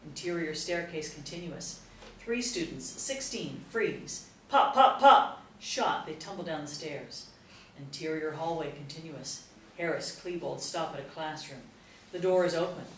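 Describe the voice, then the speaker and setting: A woman reading a screenplay's stage directions aloud in a crisp, matter-of-fact way. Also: deep voice, normal speed. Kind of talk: screenplay table read narration. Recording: roomy, distant mic, faint hiss.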